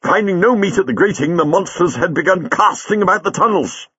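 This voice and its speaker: Man, audiobook narrator, expressive, measured, slightly husky, dry studio, a bit muffled. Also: high-pitched, no room sound.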